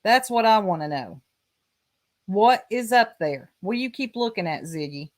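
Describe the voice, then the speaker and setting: A woman's voice: mid-range voice, animated, normal speed. A woman with a Southern US accent hosting a casual livestream, chatting and teasing while greeting viewers by name. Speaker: livestream host.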